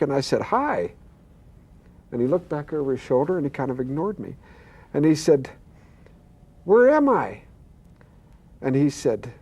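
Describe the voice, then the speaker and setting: A man's voice: fairly high pitch, mellow, slightly rough. An older man, a pastor, telling his own healing story earnestly, acting out the voices he quotes and stammering now and then. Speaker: pastor and guest. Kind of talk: telling a personal testimony.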